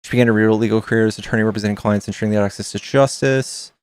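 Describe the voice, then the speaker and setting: A man's voice: fairly low pitch, fairly even intonation, very fast, clear, resonant tone, no room sound. A man streaming live, chatting casually with his chat, reading aloud and swearing as he reacts.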